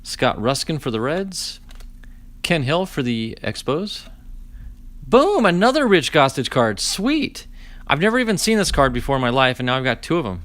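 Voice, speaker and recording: A man's voice: medium pitch, normal speed, no room sound. Chatty middle-aged man opening card packs. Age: 40s. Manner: chatty and animated, greets chat viewers; dry sarcastic storyteller. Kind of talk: live stream card breaking.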